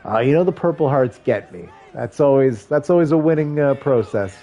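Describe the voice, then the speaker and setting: Mellow-voiced man calling a game stream. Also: medium pitch, lively intonation, normal speed, muffled recording. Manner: wry, joking asides between stat rundowns. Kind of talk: casual play-by-play commentary on a football video game.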